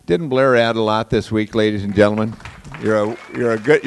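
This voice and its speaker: A man's voice: a little fast, a little hiss or hum. A man emceeing a graduation ceremony, calling up graduates and rallying the crowd. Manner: booming, rallies the crowd.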